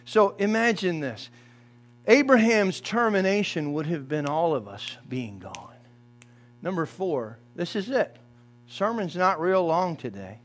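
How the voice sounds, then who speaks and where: Lively preaching man with a high voice. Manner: preaching, calling on the congregation by name and shouting quoted cries. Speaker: pastor. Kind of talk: sermon. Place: church sanctuary.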